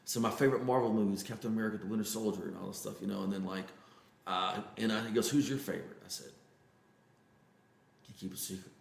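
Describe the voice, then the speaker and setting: A Texan man talks in a low, gravelly voice, earnest and halting, with plenty of fillers. The room behind him is echoey and a little hollow. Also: steady tone. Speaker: interview guest. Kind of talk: casual storytelling interview.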